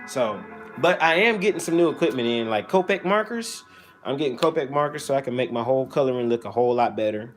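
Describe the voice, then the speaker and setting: A man hosts a relaxed livestream, joking and teasing the viewers in his chat. His voice sits at an ordinary middle pitch and comes through an iPhone on a selfie stick. Soft music plays faintly under his talk. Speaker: streamer hosting his own channel.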